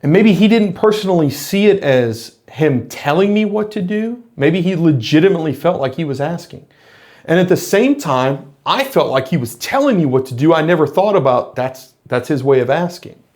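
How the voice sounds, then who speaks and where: A man's voice: a little high, lively intonation, normal speed, darkish tone. A middle-aged man, a former police officer, talking earnestly in a reflective monologue to camera, explaining his points with frequent restarts.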